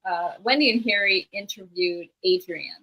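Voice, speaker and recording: A woman's voice: mid-range voice, moderate pace, muffled recording. A woman guest on a casual live stream chat who tells stories in a rambling way, restarting her sentences often. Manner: rambling, many fillers and restarts while storytelling.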